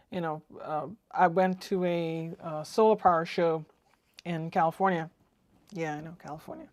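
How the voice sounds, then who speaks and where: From her home radio shack, a woman hosts her own ham radio channel's live stream, chatting casually and rambling with lots of fillers. Her voice is fairly low-pitched, with no room sound.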